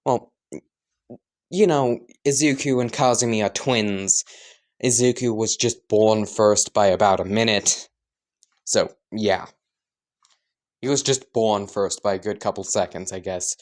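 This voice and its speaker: A man's voice: lowish voice, unhurried, pauses often, a little mellow. A man casually improvising and narrating a fan story, rambling, joking and correcting himself.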